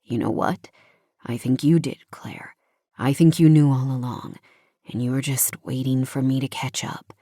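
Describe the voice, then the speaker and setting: A woman doing a hushed, tender young man. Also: steady tone, a little slow, dry recording, clean studio sound. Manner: hushed, often whispered, low and gentle. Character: tender young adult man, soft-spoken lover. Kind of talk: audiobook character voice.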